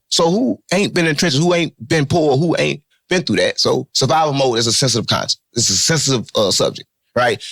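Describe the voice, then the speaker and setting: A man giving an interview in loose, unfiltered street talk, animated and joking, cursing and repeating his catchphrases. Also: mid-range voice. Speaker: interview guest.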